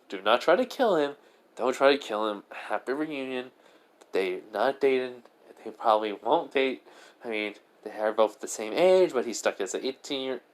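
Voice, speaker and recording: A man casually retelling a fan-fiction story, rambling with constant filler words. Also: medium pitch.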